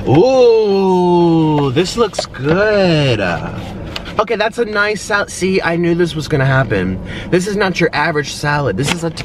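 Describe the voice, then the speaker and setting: A man talking casually to the camera while driving and eating in his car, chatty and self-mocking. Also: on the high side. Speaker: vlogger. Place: inside a car at a drive-thru. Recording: car and road noise behind.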